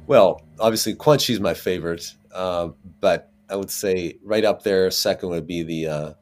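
A man, an actor, chatting as an interview guest and telling lively stories with frequent laughs. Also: sits low, moderate pace. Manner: animated storyteller, laughs often. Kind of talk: casual interview chat.

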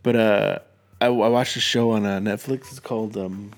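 A man's voice: lowish voice, steady tone, normal speed, soft background music. Rambling, swearing young man. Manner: rambling, swears a lot, laughs while telling stories. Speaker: podcast co-host. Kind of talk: casual chat.

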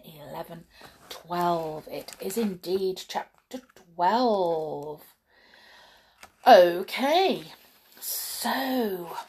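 A woman reading a children's storybook aloud in a gentle, expressive way. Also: medium pitch, breathy edge. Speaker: storybook reader.

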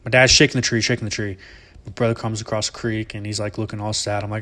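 A man's voice: fairly low pitch, steady tone, fast talker, fairly bright tone. A young man from Alabama, telling a family story casually in a rambling, profane, often laughing way. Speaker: vlogger.

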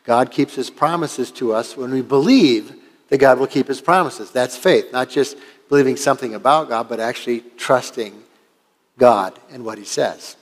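A man's voice: mid-range voice, moderate pace. Older man, pastor, conversational sermon, storytelling, hall reverb. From Washington State, USA.

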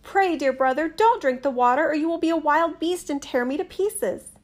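A woman voicing a frightened little girl from a fairy tale, begging in a high, urgent voice. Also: expressive, normal speed, natural voice. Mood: pleading.

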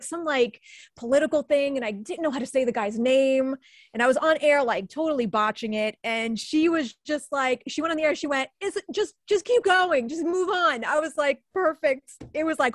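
A woman's voice: fairly high pitch, no echo. A woman in her forties from the New York area with a New York accent, chatting as an alumni guest in a podcast interview, laughing often and full of fillers. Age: 40s. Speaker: alumni guest, former radio newscaster. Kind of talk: casual interview chat.

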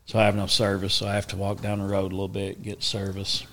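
A middle-aged man tells a story in a casual, animated way and acts out what people said. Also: fairly low pitch, fast talker, a little hiss or hum. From Oklahoma, USA. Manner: animated, acts out quoted speech, drawling. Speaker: interview guest.

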